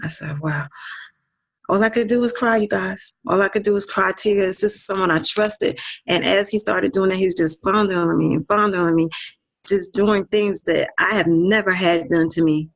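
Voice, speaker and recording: A woman's voice: medium pitch, steady tone, normal speed, creaky. A woman giving a personal testimony to an online audience, speaking earnestly, repeating phrases and often turning to listeners directly. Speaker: guest speaker.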